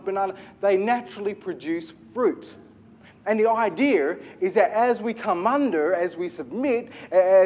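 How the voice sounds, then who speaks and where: Animated male preacher, higher voice. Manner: animated preaching with rhetorical questions and repetition. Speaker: pastor. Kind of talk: sermon.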